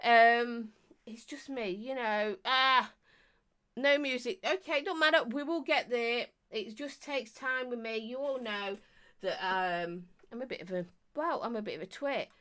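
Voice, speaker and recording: A croaky woman chatting casually on a live stream, reviewing vapes and greeting viewers in a chatty, self-mocking way. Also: fairly high pitch, measured pace, a bit bright.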